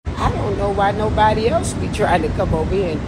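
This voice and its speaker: A woman's voice: medium pitch, a little fast, very noisy. A woman ranting profanely and confrontationally on a late-night phone livestream. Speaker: social media personality.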